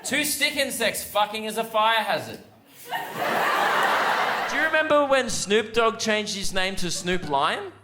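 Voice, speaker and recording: A young man with an Australian accent and a fairly high voice works the crowd in chatty stand-up. His handheld mic sounds roomy in a big theater, and loud audience laughter rolls behind him. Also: animated, measured pace, long pauses, heavy background noise. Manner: chatty, crowd-work banter with acted-out voices. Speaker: stand-up comedian. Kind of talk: stand-up comedy. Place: large theater stage.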